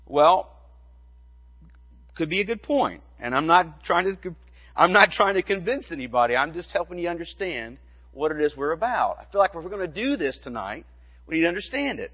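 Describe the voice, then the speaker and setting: A man's voice: fairly high pitch, big pitch swings, fairly bright tone, husky, highs cut off. Man preaching in a reverberant church. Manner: measured teaching with rhetorical questions. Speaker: pastor. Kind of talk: sermon.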